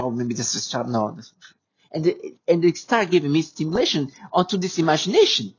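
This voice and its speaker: A man speaking in an agitated, unscripted monologue to his viewers, halting often with stammered restarts. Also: a little high, breathy edge, lo-fi sound. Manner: agitated and insistent. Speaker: vlogger addressing viewers.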